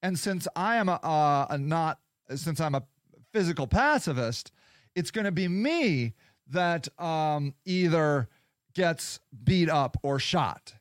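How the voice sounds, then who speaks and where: Angry and sarcastic, a male podcast host tells a story in a casual rant peppered with swearing. His voice is on the high side and animated, though he takes it slowly, and the recording is dry and studio-clean.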